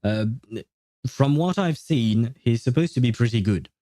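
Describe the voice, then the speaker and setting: A man's voice: medium pitch, animated, unhurried, dark tone, no room sound, studio quality. A man streaming a game, chatting casually and thinking aloud with many fillers and restarts. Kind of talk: casual livestream chat.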